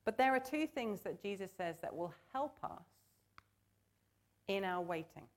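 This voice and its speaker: A woman's voice: mid-range voice, expressive, a little slow. A woman preaching a sermon in church, earnest and conversational, asking the congregation to join in.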